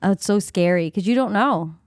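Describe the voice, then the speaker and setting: A woman's voice: mid-range voice, expressive, fairly quick, no echo. Podcast lady telling a story, acts out the voices, laughs a lot, dry close sound. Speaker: podcast co-host. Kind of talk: casual storytelling chat.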